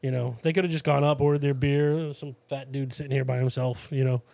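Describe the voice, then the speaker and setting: A man's voice: mid-range voice, little pitch movement, quick pace, gravelly, a little mellow, dry recording. A man, co-hosting a podcast and telling rambling stories in a casual chat, full of fillers, laughs and swearing. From Massachusetts, USA. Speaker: podcast co-host.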